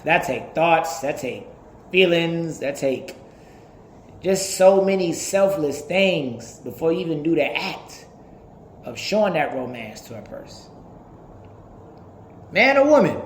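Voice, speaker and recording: Animated, profane man in his thirties. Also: fairly high pitch, echoey room. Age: 30s. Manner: animated, profane, laughing often. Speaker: podcast host. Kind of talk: casual monologue.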